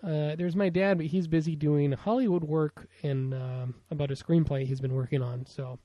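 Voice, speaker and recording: Man, American, podcast co-host, casual movie chat, rambling with fillers, slightly high voice, dry recording. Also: fairly even intonation, normal speed, no room sound, dull audio. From United States.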